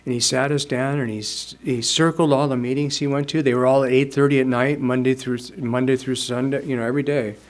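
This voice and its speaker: A man's voice: mid-range voice, fairly even intonation, fairly quick, hardly any pauses. A man in his sixties telling his own story at a recovery meeting, casual and rambling, chuckling as he goes. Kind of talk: personal storytelling testimony.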